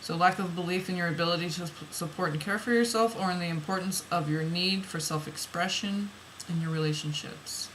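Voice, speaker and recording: A woman's voice: fairly low pitch, brisk, few pauses, fairly bright tone, a little hiss or hum, rough recording. A woman reading oracle card messages aloud, then musing about them in loose, rambling asides that repeat phrases.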